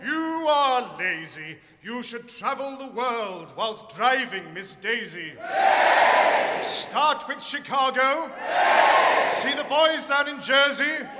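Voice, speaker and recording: A stern male ghost lectures a miser in slow, declaiming tones, as a man acts him out. His fairly high voice carries from far off in a church with a long reverb. Loud music and a lively crowd fill the background. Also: heavy background noise, full character voice. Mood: scolding. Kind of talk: live comic verse performance.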